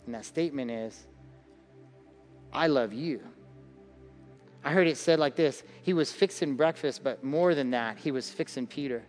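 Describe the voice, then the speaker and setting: A man's voice: mid-range voice, a little fast, few pauses, a little mellow, soft background music. Man preaching in a reverberant hall. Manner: conversational preaching, acts out quoted voices. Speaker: pastor. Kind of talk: sermon.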